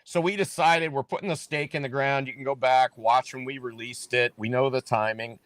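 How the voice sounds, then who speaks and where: A man's voice: mid-range voice, steady tone, moderate pace, dry recording. A man running for office, talking emphatically in a casual political chat and often repeating himself. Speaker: political candidate.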